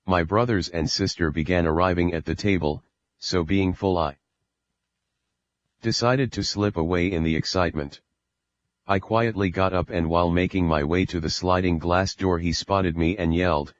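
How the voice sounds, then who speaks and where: A man with a very low voice narrates an audiobook in the first person, reading plainly and without hurry. The recording is dry and close, with a dull, muffled tone. It sounds like a home-made audiobook. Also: moderate pace, no room sound.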